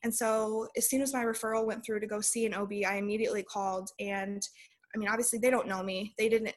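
A young adult woman appears as a podcast guest, telling a personal story casually in a mid-range voice and filling it with lots of "like."

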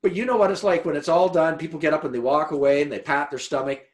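A man preaching a sermon as pastor, explaining a scripture passage in an expressive, conversational way. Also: a little high, fast. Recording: roomy echo.

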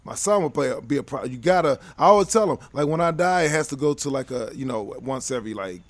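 A man's voice: mid-range voice, lively intonation, fast talker. A man co-hosting a podcast in casual chat, joking and rambling with frequent restarts. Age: adult, professional teacher. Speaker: podcast co-host.

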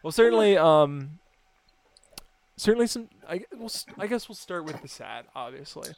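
A young American man co-hosts a podcast, chatting casually with frequent laughter and restarted sentences. His voice is a little high and sing-song, with vocal fry, at a normal speed.

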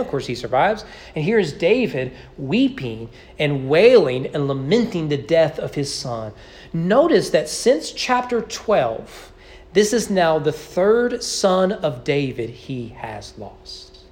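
Animated male preacher with a lively voice. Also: a little high. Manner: expressive preaching, slowing and stressing key words. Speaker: pastor. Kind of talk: sermon. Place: church sanctuary.

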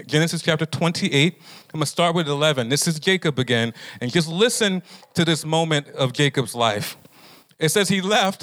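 Conversational pastor with a fairly high voice. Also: male voice, a bit bright. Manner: conversational, asks the audience questions. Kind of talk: sermon to a live group.

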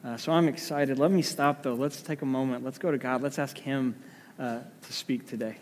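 A man's voice: mid-range voice, fairly even intonation, normal speed, a little hiss or hum. A man preaching a sermon as pastor in a conversational way, with many fillers. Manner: conversational, with many fillers; hushed when praying. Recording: long hall reverb.

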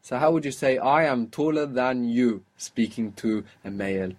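A man's voice: medium pitch, moderate pace. A man teaching a one-on-one lesson, explaining patiently and repeating words for the learner. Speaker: Arabic teacher.

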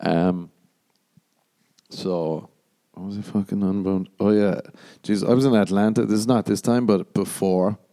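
An Irish man hosting his own podcast, rambling through profane, meandering stories with the odd quick mock voice. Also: on the low side, fairly even intonation, warm tone. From Ireland. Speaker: podcast host and stand-up comedian. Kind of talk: casual rambling solo podcast monologue.

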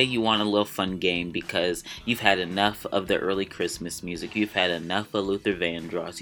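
Deep-voiced chatty young man. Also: a bit bright. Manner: chatty, rambling, laughs at himself. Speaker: vlog host. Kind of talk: casual solo vlog chat.

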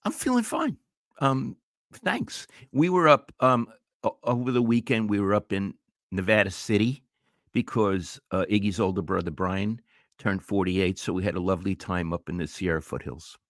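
A man's voice: sits low, moderate pace, no room sound, studio quality. An older man, a retired sports writer, co-hosting a casual sports podcast with emphatic opinions and stumbling restarts.

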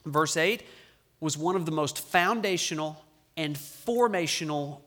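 A man preaching a sermon, with a high voice. He reads scripture aloud with the congregation, slowing down to stress key phrases. He mixes in playful asides. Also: a bit bright. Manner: emphatic, slows down on key phrases. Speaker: pastor.

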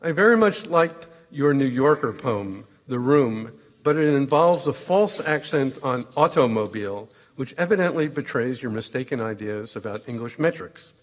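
An actor reading letters as a stern, opinionated literary critic who lectures and corrects. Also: male voice, medium pitch, animated, moderate pace, few pauses, lightly acted. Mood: lecturing. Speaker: letter reader. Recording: long hall reverb.

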